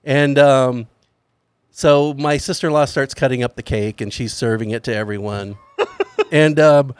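A man's voice: mid-range voice, unhurried, smooth, no room sound. A middle-aged man casually telling a funny family story on a podcast, acting out the people he quotes. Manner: animated anecdote teller, acts out quoted voices. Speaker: podcast host.

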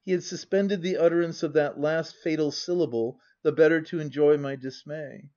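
Man reading a classic novel, dull sound. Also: fairly high pitch. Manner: even, measured first-person reading. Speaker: audiobook narrator. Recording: dull lo-fi audiobook recording.

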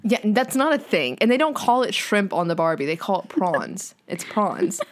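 A woman's voice: mid-range voice, very animated, normal speed. A young woman co-hosting a podcast, telling a story in casual chat, acting out quotes and laughing often. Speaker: podcast co-host.

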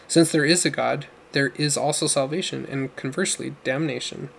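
A man's voice: mid-range voice, fairly even intonation, normal speed, gravelly, a bit bright, a little hiss or hum. A man voicing a remorseful, ailing former criminal who pleads earnestly and despairingly.

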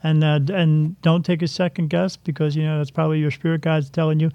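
A man's voice: fairly high pitch, flat delivery, quick pace, warm tone, no echo. A man hosting a casual talk show, rambling and joking with many restarts, in a dull lo-fi recording. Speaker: podcast host. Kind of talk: casual chat. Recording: dull lo-fi dry sound.

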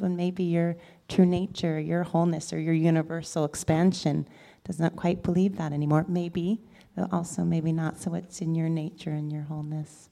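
A woman teaching an audience about soulmates in a slow, deliberate talk. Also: low voice, level tone, gravelly, dark tone. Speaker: speaker, spiritual teacher.

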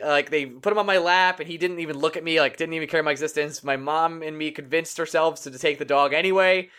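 Young man, podcast host, light higher voice, joking, laughs a lot. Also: bright, forceful tone, clean tone. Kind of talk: casual chat.

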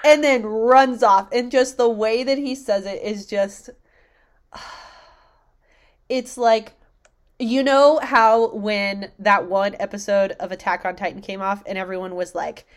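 A woman's voice: mid-range voice, measured pace. A young woman in casual chat, swearing freely and acting out quotes with big bursts of energy. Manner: animated, swears a lot, acts out loud quotes.

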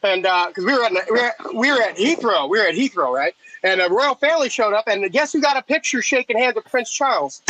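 A man's voice: high voice, animated, fast talker, hardly any pauses, sharp tone, rough recording. A man chatting casually on a podcast, telling rambling, enthusiastic stories. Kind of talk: casual chat.

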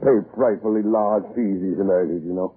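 Blustery lord, stammers a lot, raspy, tinny old radio. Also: male voice, low voice, a little fast. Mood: evasive. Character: pompous blustering older English lord. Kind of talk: 1940s radio acting. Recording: muffled lo-fi old radio broadcast.

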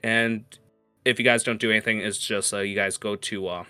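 A man with a low, bright, forceful voice runs a tabletop game, pausing often with fillers. The sound is dry and close, with faint music underneath. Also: steady tone, clean tone, no room sound. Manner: hesitant, many fillers, laughs often. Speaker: game master.

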